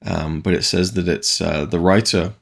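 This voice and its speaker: A man's voice: low-pitched, fairly even intonation, normal speed, vocal fry. A man hosting a casual video rundown of new disc releases, rambling and enthusiastic, with frequent restarts and asides. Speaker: physical media reviewer.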